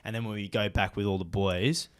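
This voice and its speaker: A man's voice: fairly low pitch, steady tone, fairly quick, clean tone. A young man with an Australian accent, co-hosting a podcast in casual chat, telling stories and complaining emphatically. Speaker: podcast co-host.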